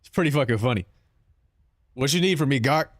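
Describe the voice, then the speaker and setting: A man streaming, reacting to his own clips in casual chat, animated and swearing, saying bro a lot. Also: mid-range voice, brisk, no room sound, clean studio sound.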